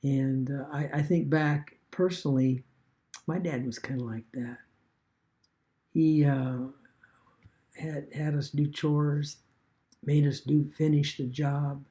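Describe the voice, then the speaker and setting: A man retelling a story casually as an online business vlogger, halting and rambling with many fillers and restarts. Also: fairly high pitch, fairly even intonation, warm tone.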